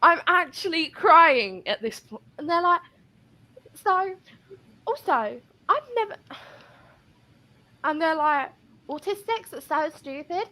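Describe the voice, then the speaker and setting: A woman's voice: very high-pitched, expressive, takes it slowly, pauses often, sharp tone. A woman telling a work story in casual chat, rambling and swearing as she goes.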